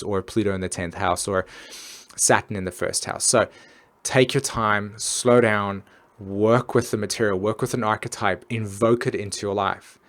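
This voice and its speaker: A man hosting an astrology live stream, talking earnestly and casually with many fillers and restarts. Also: on the low side.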